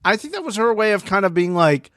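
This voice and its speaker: Lively, joking male podcast co-host. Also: high-pitched, fast talker, no room sound, studio quality. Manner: jokey, acts out quotes in mock voices. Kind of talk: casual reality TV recap chat.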